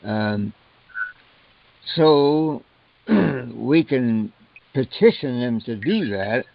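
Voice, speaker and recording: An older man speaking haltingly on a group call, pausing and clearing his throat often. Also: mid-range voice, animated, no echo. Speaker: call participant. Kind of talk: casual discussion on a conference call. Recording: dull lo-fi call audio.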